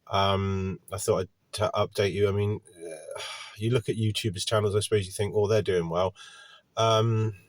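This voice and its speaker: A man's voice: on the low side, dry recording. An English man rambling glumly to camera in a casual vlog rant while getting over a cold, sitting in his van. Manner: glum, candid, wandering talk. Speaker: gardener vlogger. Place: parked van by a park.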